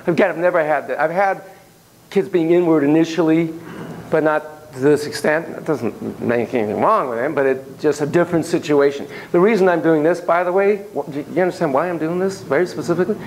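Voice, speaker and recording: A man working as a child psychotherapist in a play therapy demonstration, talking gently and reflectively in a playroom. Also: fairly high pitch, slight background noise, poor audio.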